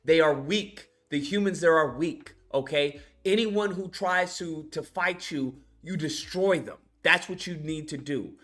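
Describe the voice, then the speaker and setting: A man's voice: fairly high pitch, measured pace, hardly any pauses, fairly bright tone, voice pushed down. A man doing a grave, solemn alien father. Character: stern alien father commanding his son to conquer.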